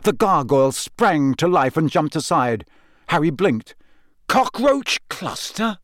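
A man narrating a storybook with an expressive reading. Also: fairly high pitch, unhurried, no echo, clean studio sound. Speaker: audiobook narrator.

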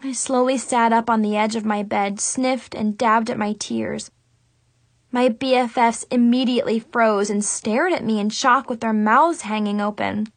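Woman narrator, high and unhurried, dramatic first-person teen read, dry close sound. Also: no room sound. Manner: dramatic, expressive teen-girl voice. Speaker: audiobook narrator.

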